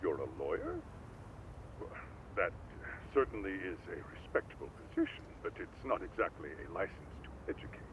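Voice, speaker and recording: An actor playing a formal older male school administrator who speaks in a measured way. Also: sits low, very animated, lo-fi sound, noisy background.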